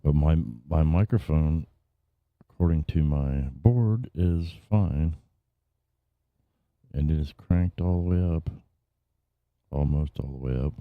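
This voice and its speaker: A man's voice: very deep voice, takes it slowly, long pauses, no room sound. A man hosting a live stream in casual chat, frustrated and cursing often as he talks. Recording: dry, tinny phone-like sound.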